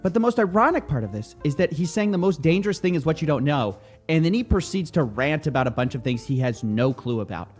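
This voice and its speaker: A man's voice: a little high, quick pace, few pauses, soft background music. A young man hosting a show, giving sarcastic, jokey commentary on video clips. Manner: mocking, animated, jokey. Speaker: host.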